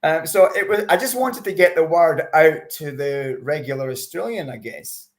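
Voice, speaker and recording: A man with a gravelly voice sitting slightly high in pitch talks casually as an interview guest. He is chatty and gets lively when recounting people's reactions, often restarting his sentences. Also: moderate pace. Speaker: interview guest, expat campaigner. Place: lives in Australia.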